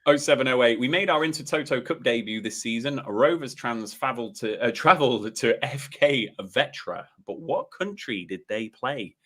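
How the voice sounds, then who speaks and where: Brief: male quiz host on a live stream, upbeat and chatty, mid-pitched, reads out options and standings. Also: lively intonation, moderate pace, few pauses, pushed and bright. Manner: upbeat, chatty, laughs often.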